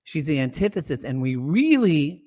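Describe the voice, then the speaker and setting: A man's voice: a little high, big pitch swings, moderate pace, mellow. A man co-hosting a casual comedy podcast, recapping a reality show with crude, playful humor. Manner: crude, playful, puts on silly voices for bits. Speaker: podcast co-host. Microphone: podcast microphone.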